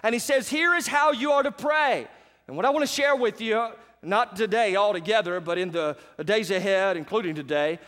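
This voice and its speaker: A man's voice: sits high, a bit bright, big-room sound. A male pastor preaching a sermon, telling a story with energy and asking the congregation questions.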